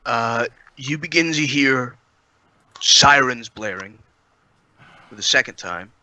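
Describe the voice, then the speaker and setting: A man narrating a tabletop game as dungeon master, hesitant with many pauses and fillers. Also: mid-range voice, animated, sharp tone, no echo, poor audio.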